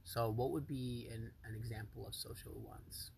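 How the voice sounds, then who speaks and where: A young man chatting bluntly, swearing freely and laughing often, in a middle-pitched voice. He is recorded on a phone held in his hand, with a faint hiss behind him. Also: steady tone, normal speed, creaky, darkish tone. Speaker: podcast co-host. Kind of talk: casual chat.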